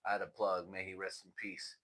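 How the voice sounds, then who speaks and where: A man's voice: sits low, little pitch movement, brisk, a bit bright. A man hosting a casual livestream, telling stories with plenty of swearing and laughter. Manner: profane, laughing storyteller. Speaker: livestream host.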